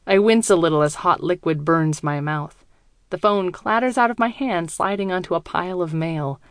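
Low-voiced woman narrating a story. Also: no room sound, studio quality. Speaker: audiobook narrator. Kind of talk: first-person audiobook narration.

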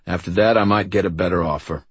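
A man voicing a terse, impassive hired bodyguard who speaks flatly and bluntly. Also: low voice, fast talker, husky, no echo. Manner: flat, terse, unexpressive.

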